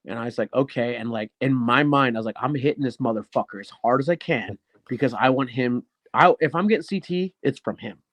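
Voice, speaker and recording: Speaking a little fast and barely pausing, this mid-range male voice comes through with no echo. The speaker, a professional wrestler on an interview show as a guest, tells animated, casual stories, acting out quotes and cursing frequently.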